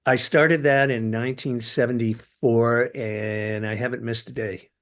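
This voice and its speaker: An older man talks as a podcast guest in an easy, conversational way. His voice sits at an ordinary pitch, and as he warms to a story it leaps up and grows louder before settling back down. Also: a little slow. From United States. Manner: animated storyteller, sudden jumps in pitch and loudness. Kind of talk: casual storytelling interview.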